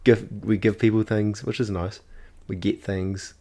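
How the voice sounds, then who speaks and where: A man's voice: fairly low pitch, level tone, unhurried, creaky, darkish tone. A young man, co-hosting a casual podcast chat, laughing often and swearing casually. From New Zealand. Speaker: podcast co-host.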